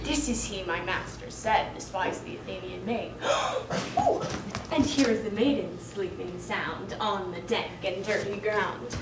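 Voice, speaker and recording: A woman playing a mischievous sprite servant, speaking in a hushed, playful way on stage. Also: medium pitch, unhurried, distant mic, natural voice. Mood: sly. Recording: echoey stage recording with noise.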